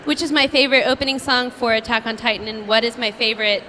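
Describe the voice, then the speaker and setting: Bubbly high-voiced woman telling stories. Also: little pitch movement, pushed and bright, long reverb tail, slight background noise. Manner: bubbly, fast, self-mocking, with many "like"s. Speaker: voice actress panel guest. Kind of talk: animated storytelling at a fan Q&A. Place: convention panel room.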